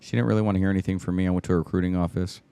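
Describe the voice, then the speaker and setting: A man's voice: sits low, little pitch movement, rapid-fire, warm tone, smooth, dry recording. A middle-aged man, a fitness coach, telling an emphatic story in a casual podcast conversation, with frequent swearing. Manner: emphatic storytelling, profanity, acted-out quotes.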